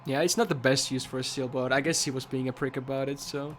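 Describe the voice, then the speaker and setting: A man's voice: mid-range voice, steady tone, fast talker. A man streaming a game, making casual, joking commentary and reading the game's lines aloud into a desk microphone. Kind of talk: casual let's-play commentary. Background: game music.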